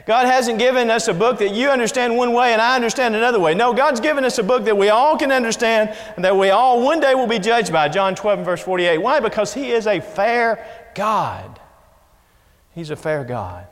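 A man's voice: high voice, expressive, fairly quick, long reverb tail. A man preaching a sermon in an earnest, emphatic way, reading scripture and repeating key phrases.

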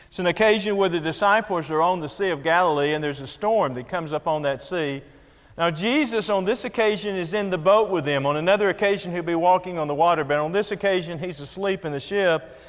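A man delivers a sermon, reading verses aloud and leaning hard on the words he wants to stress. His voice sits somewhat high for a man. A long reverb trails after each phrase, as in a large hall. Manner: Bible-reading, rising with emphasis on key phrases. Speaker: preacher.

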